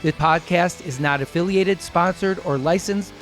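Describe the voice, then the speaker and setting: A man reading a scripted legal disclaimer in a deadpan way. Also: high voice, moderate pace, faint music behind. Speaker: disclaimer reader.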